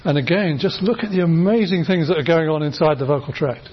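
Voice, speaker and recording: A man's voice: fairly high pitch, quick pace, background noise. A middle-aged man lecturing a class, enthusiastic and chatty, often restarting his sentences as he runs demonstrations. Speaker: university lecturer. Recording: dull, lo-fi lecture recording.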